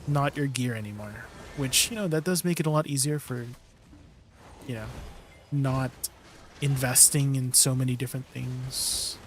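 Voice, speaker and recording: Man, game streamer, casual chat, mid-pitched voice, faint background noise. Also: moderate pace. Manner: laid-back, chatty, greets viewers and answers chat.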